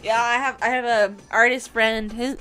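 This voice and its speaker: A woman co-hosting a casual podcast, laid-back and slangy, quick to put herself down. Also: fairly high pitch, fairly even intonation, sharp tone, clean tone. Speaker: podcast co-host. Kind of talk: casual chat.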